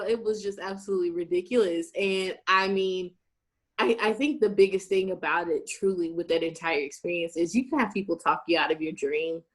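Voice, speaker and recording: Young woman, casual guest, animated storyteller who acts out every exchange. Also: fairly low pitch, brisk. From Shreveport, Louisiana, USA. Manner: animated, plays out conversations in quoted voices.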